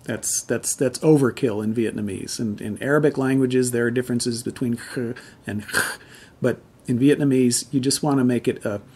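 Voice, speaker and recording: A man with a husky, slightly breathy voice at an ordinary pitch, teaching pronunciation. He talks patiently, stops to sound out examples slowly and repeats them so learners can copy. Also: fairly even intonation, warm tone. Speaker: language teacher. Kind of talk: explaining pronunciation to camera.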